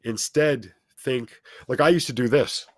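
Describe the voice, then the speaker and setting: A man's voice: medium pitch, unhurried, dry recording. A man talking as a show guest, telling a personal story in an earnest, motivational way and repeating phrases for emphasis.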